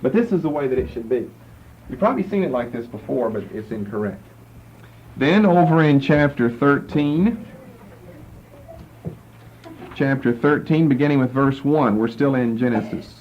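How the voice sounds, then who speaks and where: A man's voice: mid-range voice, expressive, moderate pace, long pauses. A man teaching a Bible class and patiently walking listeners through verses and Hebrew words. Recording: dull lo-fi lecture recording with faint noise.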